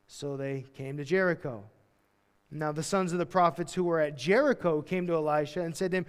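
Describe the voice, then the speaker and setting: High-voiced pastor preaching in a reverberant hall. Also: male voice, fairly quick, clean tone. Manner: conversational, slangy preaching with acted-out quotes. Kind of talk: sermon. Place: church hall.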